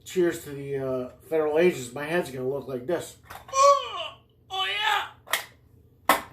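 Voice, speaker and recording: A medium-pitched man talks a little fast while hosting a podcast, rambling through an improvised, profane comedy monologue full of digressions. The audio is roomy and very noisy.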